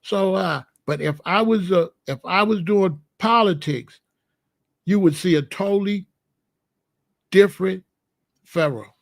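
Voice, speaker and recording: A man's voice: high-pitched, measured pace, gravelly, pauses often, dry recording, studio quality. A man giving a blunt, emphatic, scolding monologue to viewers in a live chat, speaking as a commentator.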